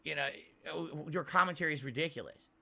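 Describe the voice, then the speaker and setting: A man's voice: fairly high pitch, moderate pace, creaky, sharp tone. A man streaming and complaining as he rambles, often restarting his sentences.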